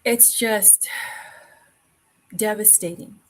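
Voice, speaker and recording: A woman's voice: medium pitch, drawn-out words, low-quality recording. A woman hosting a talk show, speaking earnestly with repeated phrases and many fillers. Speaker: podcast host. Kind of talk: conversational talk show chat.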